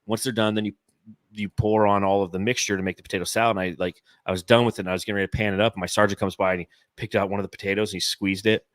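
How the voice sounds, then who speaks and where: A man's voice: fairly low pitch, flat delivery, rapid-fire, no room sound, clean studio sound. A man in his forties from Phoenix, co-hosting a casual sports podcast and telling rambling, profane stories full of fillers. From Phoenix, Arizona, US. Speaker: podcast co-host.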